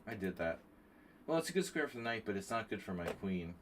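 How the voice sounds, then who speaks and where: A man streaming chess, chatting casually and thinking out loud with joking asides to his viewers. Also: fairly low pitch, very animated, brisk, slight background noise. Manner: chatty, thinking aloud, jokey asides to chat. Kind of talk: casual live-stream commentary.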